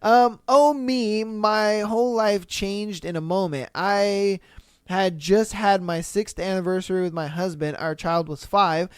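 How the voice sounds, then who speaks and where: Male podcast host, clear, smooth tone, dry close mic, animated and incredulous. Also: sits high, unhurried, no echo. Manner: animated, swearing, incredulous commentary. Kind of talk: casual solo podcast reading listener stories.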